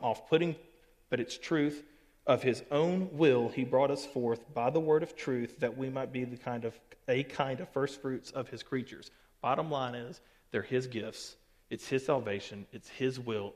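A man's voice: medium pitch, unhurried, darkish tone. A man gives a casual Bible teaching as a pastor, often checking in with "okay" and "all right". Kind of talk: recorded Bible teaching to camera. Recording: long hall reverb.

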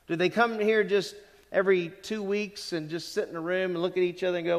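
A middle-aged man preaches in a church, his slightly high voice ringing out with a long hall echo. His tone is conversational, and he keeps asking the congregation questions as he works through the text. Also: steady tone, a little fast. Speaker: pastor. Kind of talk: expository sermon. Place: church sanctuary.

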